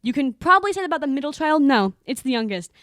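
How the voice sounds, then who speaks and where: Young woman podcaster, high voice, dry close sound, animated storytelling. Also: fast talker, no echo. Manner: animated storyteller, acts out quotes. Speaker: podcast co-host. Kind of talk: casual chat.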